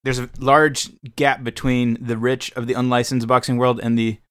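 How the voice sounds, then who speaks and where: Texas guy, kinda halting, lots of uhs, dry close sound. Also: mid-range voice, level tone, clear, resonant tone, no echo. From Austin, Texas. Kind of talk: casual film discussion.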